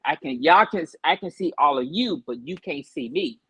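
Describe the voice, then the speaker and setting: A man in his forties calling in to a casual chat, telling rambling stories in a relaxed, loose way. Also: fairly high pitch, moderate pace, slightly rough, no room sound, muffled recording. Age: 40s. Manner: laid-back storyteller, loose and rambling. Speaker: caller.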